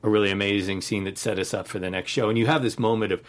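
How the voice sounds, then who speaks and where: Man, lowish voice, thoughtful, measured, podcast chat. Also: fairly even intonation. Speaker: podcast co-host. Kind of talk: casual chat.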